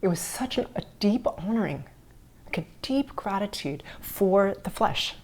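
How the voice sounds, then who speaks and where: A middle-aged woman hosts a spiritual podcast, earnestly recounting a personal experience in a medium-pitched voice with lively intonation. She speaks a little slowly and drops to soft whispers at tender moments.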